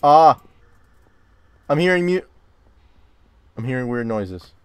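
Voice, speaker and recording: A young man hosting a gaming video, chatting casually and often swearing and yelling when startled, recording in a dark closet. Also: medium pitch, lively intonation, moderate pace, no echo. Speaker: gaming channel host. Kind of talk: casual game commentary.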